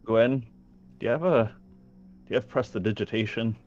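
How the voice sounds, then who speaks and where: A man's voice: mid-range voice, moderate pace, darkish tone, muffled recording, soft background music. A man playing a tabletop game, talking hesitantly with lots of fillers and dry humor. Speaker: player. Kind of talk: casual tabletop game play.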